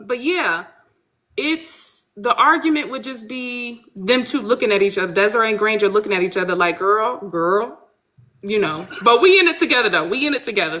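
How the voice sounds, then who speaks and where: A woman author in casual podcast chat, animated and blunt, speaking. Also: medium pitch. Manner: animated, blunt, swears freely. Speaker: author guest.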